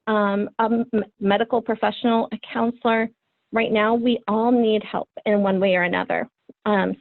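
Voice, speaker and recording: This woman in her thirties trains parents over a webinar, speaking earnestly and encouragingly with many ums. Her pitch is fairly high. Recorded via video call, the audio is phone-like and dry.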